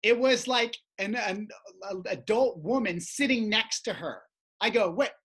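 A woman podcast host telling a stage story in casual chat, acting out shouting voices. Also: medium pitch, a little slow, breathy edge. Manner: lively storyteller who shouts out quoted voices.

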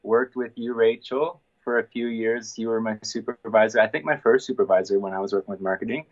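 A man's voice: on the low side, fairly even intonation, a little fast, dull audio. A man in his twenties from Iowa, a grad student chatting in a joking, laid-back way as a podcast guest. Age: 20s. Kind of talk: casual podcast interview.

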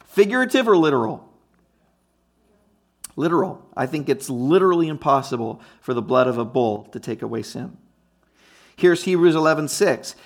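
A man's voice: on the high side, expressive, normal speed, pauses often. A man preaching a conversational teaching sermon, emphatic and often checking in with his listeners. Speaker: pastor.

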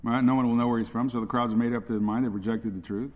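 A man's voice: mid-range voice, fairly even intonation, fast, darkish tone. A man preaching an expository sermon, earnest and repeating his points for emphasis. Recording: long reverb of a large hall.

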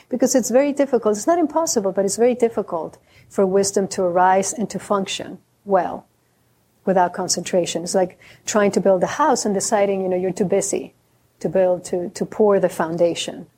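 Warm-voiced woman giving a dharma talk. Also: mid-range voice, slight background noise. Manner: reflective, slows to stress key words; candid, self-deprecating humor. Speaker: Zen teacher.

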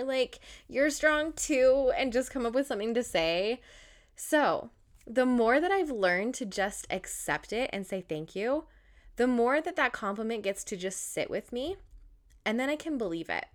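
A woman's voice: medium pitch, a bit bright. Young female vlogger, bubbly and chatty, laughs easily, casual direct-to-camera talk. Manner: bubbly, laughs often, chatty with many fillers.

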